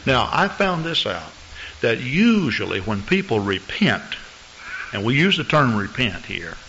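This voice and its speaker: A man preaching a sermon as pastor, telling stories in an animated way and acting out the people in them. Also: mid-range voice, unhurried, a little hiss or hum. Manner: animated storytelling preacher, acts out voices. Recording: muffled lo-fi recording.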